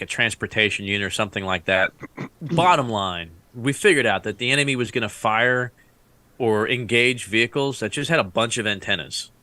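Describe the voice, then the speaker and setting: A man who fought in the Iraq War tells stories in a relaxed podcast chat. His voice is a little low but bright and forceful. He laughs through his stories and acts out the lines of people he met. The sound is dry and close to the mic. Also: dry recording. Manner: rambling, laughs often, acts out quotes. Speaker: Iraq War veteran guest. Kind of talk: casual podcast storytelling.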